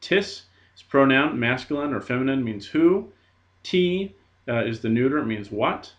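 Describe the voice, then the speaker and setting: A man's voice: medium pitch, lively intonation, moderate pace. A man teaching a recorded language lesson, patient and methodical with frequent fillers. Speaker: Greek teacher. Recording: dull lo-fi recording.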